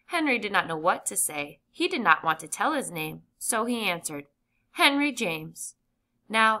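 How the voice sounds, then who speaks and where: A woman reading a children's chapter book aloud with clear, gentle emphasis. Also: mid-range voice. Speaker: audiobook reader. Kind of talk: children's storybook narration.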